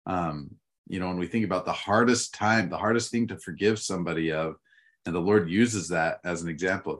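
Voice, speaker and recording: A man's voice: low voice, a little fast, a bit bright. A man who teaches seminary, chatting casually about planning scripture lessons and rambling through fillers and restarts. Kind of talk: casual teaching-prep chat.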